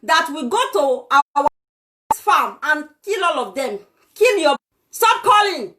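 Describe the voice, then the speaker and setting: Woman playing a haughty Nigerian ranter for a comedy skit, high and bright, mocking and contemptuous. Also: big pitch swings, slow pace, full character voice. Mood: ranting. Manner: mocking, scornful ranting with laughs. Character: arrogant self-styled "lady of truth" woman, contemptuous. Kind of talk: comic impression skit.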